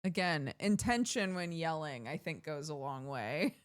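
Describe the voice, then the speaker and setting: Animated woman streamer, lively swooping voice. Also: deep voice, measured pace. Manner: animated storytelling with loud yelled bits and laughter. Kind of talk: casual chat.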